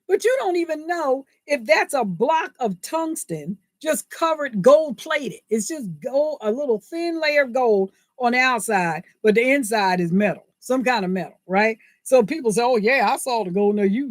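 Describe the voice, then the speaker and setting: A woman hosts her own vlog, talking to viewers in a loose, indignant monologue. Her voice sits on the high side and she laughs as she talks, tossing out rhetorical questions. The sound is close and dry, with no room echo. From United States. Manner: animated, indignant, laughs mid-sentence, asks rhetorical "right?". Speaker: vlogger, channel host. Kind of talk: casual opinion monologue to viewers.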